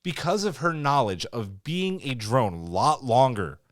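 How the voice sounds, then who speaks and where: A man co-hosting a review podcast, talking in a loose, heated way and swearing often. His pitch swings widely as he gets worked up. The sound is dry and close, with no room echo. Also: unhurried. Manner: animated, swears freely, ranting. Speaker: podcast co-host. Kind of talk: casual review chat.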